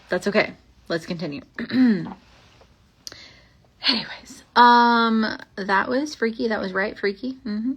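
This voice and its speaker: A young woman hosts a podcast of old ghost stories in a slightly low voice. She reads the spooky passages slowly, then drifts into casual, rambling chat packed with fillers and asides. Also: a bit bright, breathy edge. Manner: rambling and chatty, many fillers, slows down for spooky lines.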